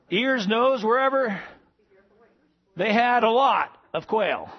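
A man's voice: high voice, slightly rough, dull audio. A man preaching a sermon as pastor, calling out to the congregation with asides. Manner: preaching with call-and-response asides.

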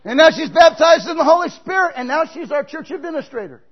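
A man's voice: very high voice, fast, highs cut off. A male pastor preaching a sermon, telling stories and emphatically urging his congregation to act. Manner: emphatic, exhorting, storytelling preacher.

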